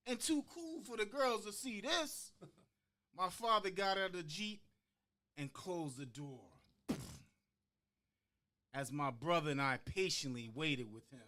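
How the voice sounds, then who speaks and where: A man performing a heartfelt spoken-word monologue about growing up, with rhythmic pauses that land hard on key words and quoted voices acted out along the way. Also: fairly high pitch, pushed and bright. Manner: acts out quoted voices within the story. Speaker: podcast guest performing a monologue.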